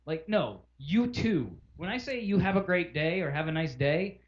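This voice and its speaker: A man's voice: fairly high pitch, big pitch swings, normal speed. Profane ranting man, lo-fi sound. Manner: profane, exasperated ranting with acted-out phone calls. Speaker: podcast co-host. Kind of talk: casual ranting chat. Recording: dull lo-fi podcast audio.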